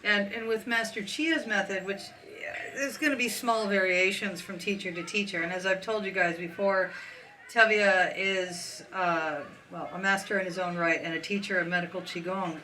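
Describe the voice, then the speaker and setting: A woman's voice: medium pitch, fairly even intonation, moderate pace, pushed and bright, distant mic, slight background noise, poor audio. A woman hosting a podcast, chatting casually with a guest and laughing easily. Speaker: podcast host. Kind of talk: casual interview chat.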